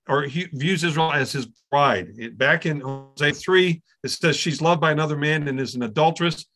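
A man's voice: on the high side, normal speed, few pauses, sharp tone. A middle-aged man teaching a Bible lesson in a conversational way, often checking in with his listeners and repeating words as he restarts.

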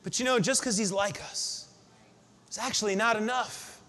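A man preaching a sermon to his congregation, building up to shouted refrains. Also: high voice, moderate pace, slight background noise. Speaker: pastor. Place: church sanctuary. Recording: long hall reverb.

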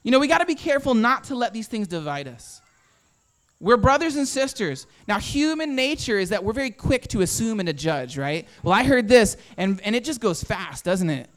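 A man's voice: high-pitched, big pitch swings, a little fast, dry recording. A man preaching a conversational sermon, full of rhetorical questions and acted-out quotes. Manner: acts out quoted inner voices. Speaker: pastor.

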